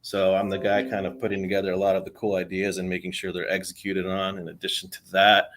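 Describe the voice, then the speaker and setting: A young man talking casually as a podcast guest, relaxed and rambling with many fillers. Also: deep voice, quick pace. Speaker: podcast guest, content creator. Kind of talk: casual interview talk.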